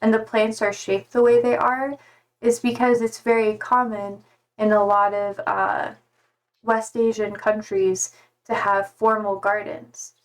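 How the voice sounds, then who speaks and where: A woman's voice: medium pitch, flat delivery, a little slow. A young woman from Germany whose first language is German, chatting casually with her livestream viewers and reading their messages aloud.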